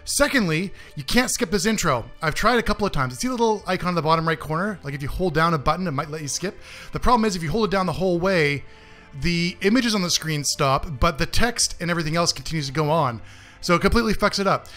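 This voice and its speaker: A man's voice: fairly high pitch, animated, fast, sharp tone, faint music behind. A man hosting a game review, giving sarcastic, ranting commentary full of swearing as he plays. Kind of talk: profane gameplay commentary.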